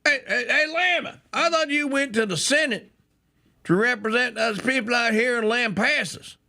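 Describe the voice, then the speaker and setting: A man's voice: very high-pitched, moderate pace, bright, forceful tone, voice pushed up, heavily acted. A man putting on a hollering good old boy. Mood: heckling. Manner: hollering, repeated calls of hey. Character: rowdy rural Texan man heckling a senator.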